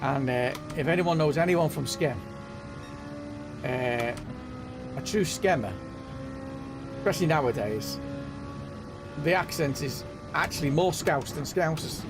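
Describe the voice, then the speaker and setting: This gaming livestream host is a man from northwest England with a mild Merseyside accent and a slightly high voice. He speaks at a measured pace with lively intonation and long pauses, chatting and rambling about sim racing while repeatedly saying "know what I mean." Game music sits under the live stream.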